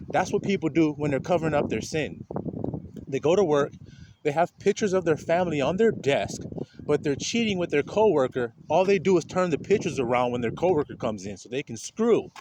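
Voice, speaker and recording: A man's voice: fairly high pitch, brisk, background noise. A man giving an informal, blunt spiritual talk, laughing often as he preaches. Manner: animated, laughing, streetwise and blunt. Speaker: spiritual speaker.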